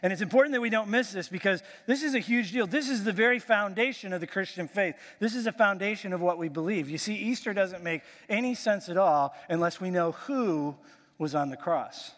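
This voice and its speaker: A man preaching a sermon as pastor of his church, emphatic and building with dramatic pauses. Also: high voice, a bit bright. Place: church sanctuary. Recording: church hall reverb.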